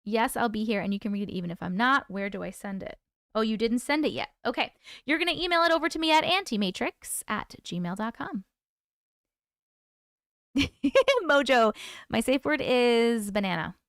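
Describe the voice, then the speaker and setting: A woman's voice: a little high, brisk, a bit bright, smooth, dry recording, clean studio sound. A woman hosting a casual livestream, reading out viewer comments and greeting people by name in a chatty, affectionate way. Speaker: livestream host.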